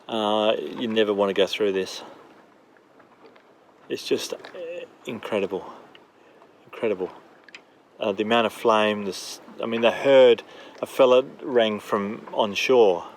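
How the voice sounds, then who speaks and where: A man's voice: on the low side, fairly even intonation, a little hiss or hum. Shaken man after a boat blast. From Australia. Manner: halting, filler-heavy. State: in shock, emotional. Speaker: sailing vlogger. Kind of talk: shaken video diary. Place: on a damaged boat.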